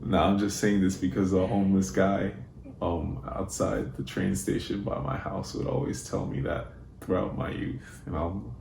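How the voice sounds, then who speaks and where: A young man telling personal stories in a relaxed, laid-back way, with frequent fillers. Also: sits low, moderate pace, vocal fry, slight background noise. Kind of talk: casual personal storytelling. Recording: roomy with faint ambience.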